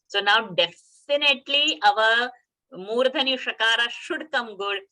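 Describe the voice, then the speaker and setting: A woman teaching a chanting class over a video call, slowly sounding out syllables to show the right pronunciation. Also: on the high side, lively intonation, sharp tone, rough recording. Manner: slow, careful syllable-by-syllable demonstration. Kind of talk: online chanting lesson.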